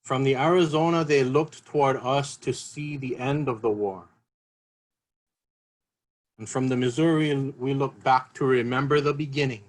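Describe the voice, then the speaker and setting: A man's voice: medium pitch, moderate pace, poor audio. A man giving an earnest, emotional talk at a seminar. He repeats his key phrases as he speaks. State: emotional, voice catching.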